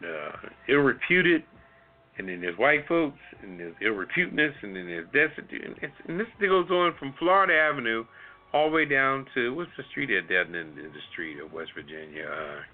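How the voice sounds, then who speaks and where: A man co-hosting a relaxed night-time chat, rambling along with restarts and repeats. His voice sits at an average pitch. The sound is thin and tinny, like a phone line. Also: a little fast. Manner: rambling, loose, with many restarts. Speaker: co-host. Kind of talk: casual chat.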